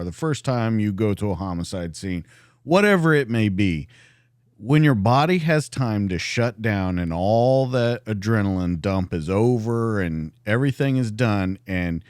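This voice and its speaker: A man hosting a podcast interview, asking a long, halting question. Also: lowish voice, darkish tone, no room sound, studio quality. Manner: searching, halting phrasing. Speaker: podcast host.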